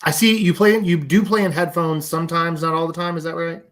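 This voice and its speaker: Fast-talking male podcast host. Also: on the high side, steady tone, fairly bright tone. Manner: quick, chatty, many "yeah"s and "oh my God"s. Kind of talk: casual interview chat.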